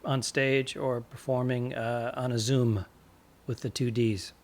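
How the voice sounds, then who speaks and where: A man co-hosting a comedy podcast, talking in a deadpan, rambling way over a remote call. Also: mid-range voice, a little slow. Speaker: podcast co-host. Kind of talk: casual comedic banter. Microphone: remote call with own microphone.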